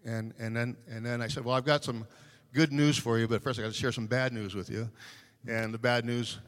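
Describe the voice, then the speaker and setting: Long hall reverb colors this panel discussion, where a personal evangelist tells his story casually, with many fillers and restarts. His medium-pitched voice is steady and fairly bright, moving a little fast.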